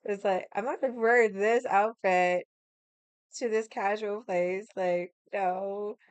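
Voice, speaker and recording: Raspy-voiced woman telling a story. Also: mid-range voice, a little slow, no echo. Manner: chatty, lots of fillers and acted quotes; loud laughs. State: raspy from losing her voice. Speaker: vlogger. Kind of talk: casual storytelling chat.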